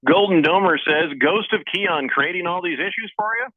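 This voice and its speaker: A man hosting a casual sports radio show, reading listener messages aloud in a jokey, lively way. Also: high voice, no echo. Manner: jokey, lively, talks fast in spurts. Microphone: phone line into the studio. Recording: tinny phone line, dry.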